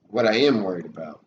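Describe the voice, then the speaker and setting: A man's voice: fairly low pitch, muffled recording. Swearing rambling guy streaming from an echoey room, lots of noise behind him. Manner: profane, rambling, sarcastic. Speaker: live streamer. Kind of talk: rambling casual live stream chat.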